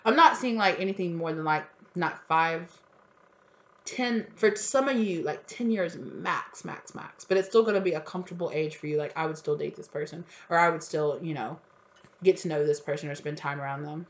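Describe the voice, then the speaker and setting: A woman giving a casual tarot reading, chatty and animated, full of fillers and incredulous questions. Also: low-pitched, normal speed. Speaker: tarot reader.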